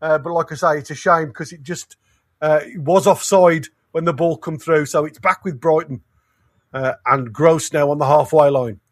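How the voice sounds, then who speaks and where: A man giving excited, partisan live match commentary, his voice going hoarse. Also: on the high side, dry recording, clean studio sound. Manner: excitable, rapid, restarts sentences. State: losing his voice. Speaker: fan commentator.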